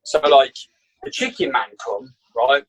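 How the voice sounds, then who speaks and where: A man with a Birmingham accent, a chef guest telling animated anecdotes in a casual interview. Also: medium pitch, unhurried, rough recording. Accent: Birmingham English. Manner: animated anecdote teller, acts out quotes. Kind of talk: casual storytelling.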